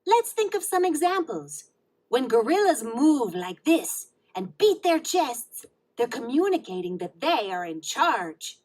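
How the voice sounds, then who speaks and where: Sweet patient preschool teacher, woman voicing her, high and sing-songy, slow. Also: sing-song, a little mellow, heavily acted. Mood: encouraging. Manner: encouraging, explaining. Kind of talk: storybook read-along.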